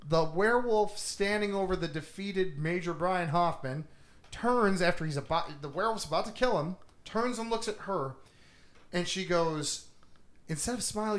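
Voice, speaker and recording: A man on a podcast, casually recapping a movie plot, swearing a lot and laughing as he goes. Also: high-pitched. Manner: animated, swears a lot, laughs while retelling. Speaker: podcast host.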